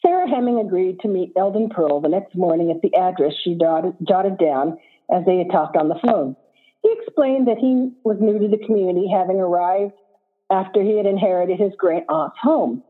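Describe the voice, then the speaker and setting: A woman author reading her own short story aloud as steady narration. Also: lowish voice, normal speed, husky. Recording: phone-like audio line.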